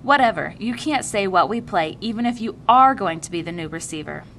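A woman reading aloud and voicing a brash, excitable boy who yells and then turns irritated. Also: mid-range voice, brisk, vocal fry, a little hiss or hum. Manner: shouting, excited.

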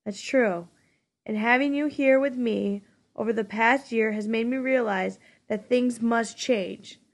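A woman reading aloud, voicing a weary, sorrowful old male mentor who speaks in a steady, measured way. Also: a little high.

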